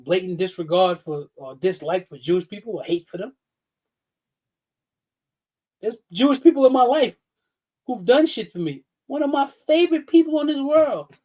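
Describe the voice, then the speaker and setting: A man's voice: extremely high pitch, darkish tone. A man, ranting bluntly and profanely on a casual livestream. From New York City. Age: 50s. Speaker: livestream host.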